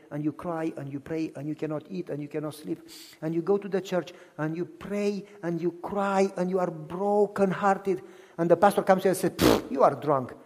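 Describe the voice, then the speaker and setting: Male pastor preaching, high voice, hushed to shouted, long church reverb. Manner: acts out quoted voices in dialogue. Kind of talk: sermon.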